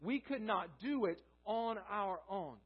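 Male pastor, high voice, sermon, repeats key phrases, asks and answers questions, dull lo-fi recording. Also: animated, unhurried, slightly rough. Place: church sanctuary.

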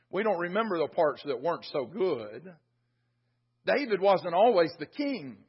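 A man's voice: sits high, breathy edge, highs cut off. A man preaching a sermon in a church, retelling scripture in an earnest storytelling way. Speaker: pastor. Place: church sanctuary.

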